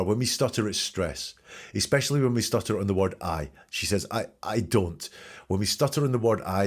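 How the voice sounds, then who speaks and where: A man hosting a podcast, analyzing courtroom testimony in an emphatic commentary style and asking rhetorical questions. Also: lowish voice. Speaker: podcast host.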